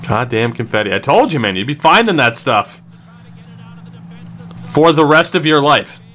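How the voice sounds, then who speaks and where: A man commentating his own hockey video game, swinging between low groans and excited shouts. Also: moderate pace, slight background noise. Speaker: gaming streamer.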